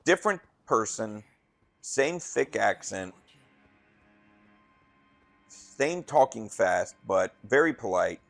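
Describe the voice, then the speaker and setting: A man's voice: lowish voice, very animated, slow pace, creaky, pauses often, a bit bright, no echo, soft background music. A man, a restaurant manager, telling a rambling story in a casual, conversational way while gaming, acting out the dialogue he quotes.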